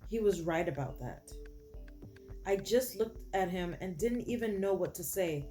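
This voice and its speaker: A woman's voice: mid-range voice, lively intonation, a little slow, mellow, soft background music. A woman reading a story game aloud in several voices, adding sassy asides to the characters. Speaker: game streamer.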